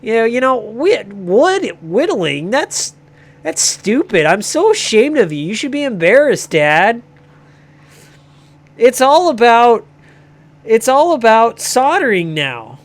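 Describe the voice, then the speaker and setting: A man's voice: very high-pitched, sing-song, slow pace, voice pushed up, exaggerated voice. A man voicing a bratty kid who sneers at his father in a whiny, contemptuous tone. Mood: scornful. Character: bratty mocking kid scorning his dad.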